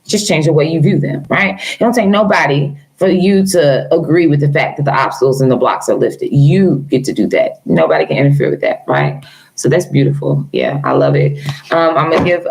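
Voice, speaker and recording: A tarot reader does a casual live-stream reading, speaking affectionately to her viewers with features and calling them "girl" and "honey." Her deep, darkish voice moves at normal speed, and the audio is poor.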